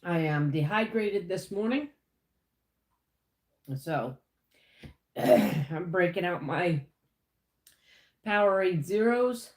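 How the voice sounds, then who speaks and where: A woman's voice: lowish voice, lively intonation, extremely slow, long pauses, a little mellow, roomy sound. A woman hosting a casual livestream from the United States, greeting viewers by name and chatting about her week. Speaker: livestream host. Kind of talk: casual live chat.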